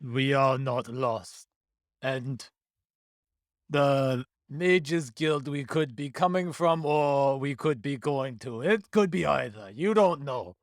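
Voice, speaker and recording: A man's voice: mid-range voice, slow pace, dry recording, studio quality. A man voicing a male druid adventurer who talks in a folksy country drawl, in a tabletop role-play. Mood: haughty. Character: cagey male druid adventurer, prickly then friendly.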